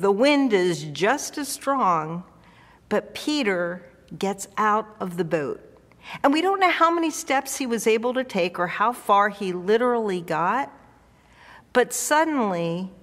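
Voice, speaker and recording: A woman's voice: medium pitch, fairly bright tone, long reverb tail. A woman pastor giving a sermon in an earnest, conversational way. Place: church.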